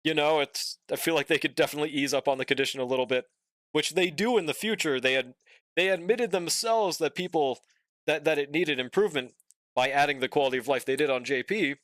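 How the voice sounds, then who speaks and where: A man's voice: on the high side, fast talker, a bit bright, no echo. Laid-back young male streamer, dry close mic. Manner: laid-back, drawling, swears often, reads and answers chat. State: yawning, sleepy. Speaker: gaming streamer. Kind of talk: casual live-stream chat while playing.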